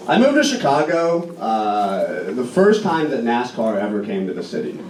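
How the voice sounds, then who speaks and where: A young man from Indiana doing a stand-up set with self-deprecating, deadpan punchlines. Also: mid-range voice, moderate pace, a little hiss or hum. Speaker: stand-up comedian. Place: comedy club stage. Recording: roomy club recording from far off. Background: audience laughter.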